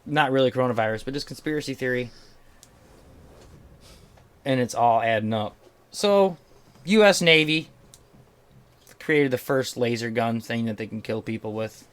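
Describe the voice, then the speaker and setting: A man's voice: medium pitch, moderate pace, pauses often, clean tone. Podcast host guy reading headlines and riffing, loose and jokey. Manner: rambling, joking, reading out news headlines. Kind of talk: casual chat.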